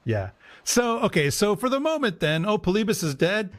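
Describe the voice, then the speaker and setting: Guy, kinda high voice, chatting and reading old verse with lots of lift. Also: moderate pace. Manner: lively, reads passages with rising emphasis. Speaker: podcast co-host, priest. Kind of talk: casual discussion with dramatic reading.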